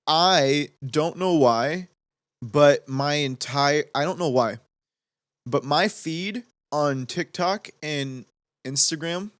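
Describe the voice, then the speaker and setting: A man's voice: mid-range voice, a bit bright, dry recording, clean studio sound. A young man hosting a podcast in casual, joking chat full of fillers. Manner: rambling, joking, lots of fillers. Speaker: podcast host.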